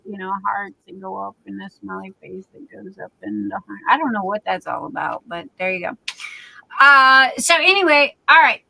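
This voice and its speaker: A woman's voice: a little high, gravelly, sharp tone, rough recording. A woman hosting a casual livestream, reading out viewer comments in a silly, chatty way. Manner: chatty and silly, self-described class clown. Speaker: livestream host.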